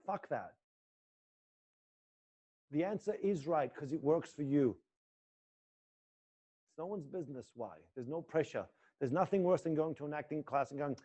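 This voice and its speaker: A man's voice: a little high, normal speed, long pauses, warm tone, dull audio. A middle-aged man teaching acting, leading a guided exercise in a live class with an intense, coaxing manner and free swearing.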